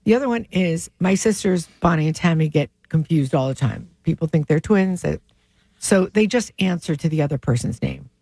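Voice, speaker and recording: A woman's voice: low voice, lively intonation, warm tone, husky, no room sound. A woman radio host, telling stories in casual on-air chat. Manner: chatty storyteller, quick asides. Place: radio studio.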